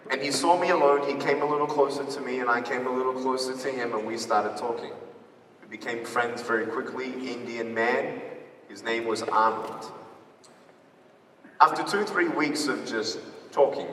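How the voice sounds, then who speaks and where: A man giving a live motivational talk, telling a personal story in an animated way and acting out the dialogue. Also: mid-range voice, recorded from a distance, a little hiss or hum. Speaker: motivational speaker. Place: large hall before an audience. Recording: echoey hall picked up from afar.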